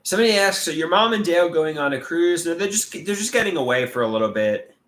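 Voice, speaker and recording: A man hosting a casual livestream and reading out chat comments. He talks haltingly, with restarts, and sounds frustrated and glum. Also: fairly high pitch, animated, a bit bright. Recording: echoey room.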